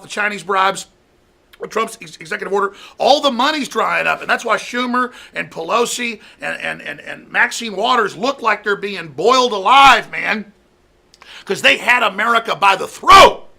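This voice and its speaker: A man's voice: high-pitched, moderate pace, vocal fry, sharp tone. A man hosting a talk show, delivering an angry political rant and mocking opponents. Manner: ranting, mocking, mimics opponents in a raised voice.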